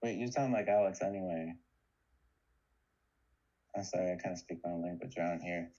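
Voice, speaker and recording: A man in loose, joking banter, mock-formal and quick to swear. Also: deep voice, mellow, lo-fi sound.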